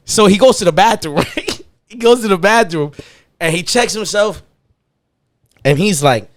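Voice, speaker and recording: A man tells a wild story on a podcast, swearing freely and laughing at his own punchlines. His voice sits fairly high and swings up and down a lot. The studio sound is dry and close. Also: big pitch swings, measured pace, fairly bright tone, no room sound. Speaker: podcast host telling a story. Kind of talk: casual storytelling chat.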